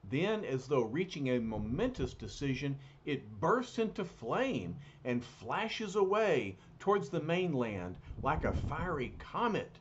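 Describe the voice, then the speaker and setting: A man's voice: fairly high pitch, very animated, unhurried, hardly any pauses. A man retelling a cartoon episode aloud in a dramatic manner with loose asides, in a muffled lo-fi recording. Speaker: storyteller. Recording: muffled lo-fi recording, faint hiss.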